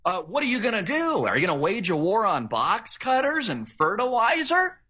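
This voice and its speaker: High, lively, bright-voiced ranting man. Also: moderate pace, slightly rough. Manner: emphatic, repetitive, mocking. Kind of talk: ranting political monologue.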